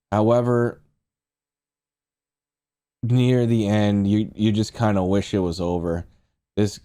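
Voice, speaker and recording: A man's voice: lowish voice, warm tone, clear, resonant tone. A man streaming casual movie reviews, rambling and profane as he talks to his chat.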